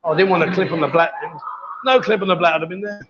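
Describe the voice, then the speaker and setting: Chatty high-voiced man hosting from a bar. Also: fairly even intonation, racing, heavy background noise. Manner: chatty, teasing, calls everyone darling. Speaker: livestream host. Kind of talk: casual live bar banter. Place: busy bar with pool table. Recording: dull lo-fi livestream audio. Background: bar crowd chatter.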